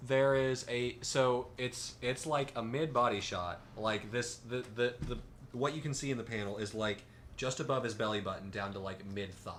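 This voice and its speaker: A man's voice: medium pitch, steady tone, normal speed, fairly bright tone, slight background noise. A young man co-hosting a casual podcast chat, rambling with lots of ums and restarts. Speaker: podcast co-host. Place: shared room with other hosts.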